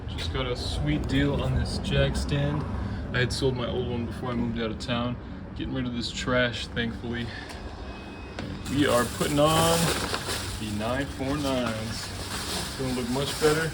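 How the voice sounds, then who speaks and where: A man's voice: mid-range voice, unhurried, heavy background noise. A man casually explaining, step by step, the repairs he is doing on his car while he works in a garage. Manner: relaxed, chatty, explaining step by step. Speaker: car restoration hobbyist vlogger. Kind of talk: casual how-to narration while working on a car.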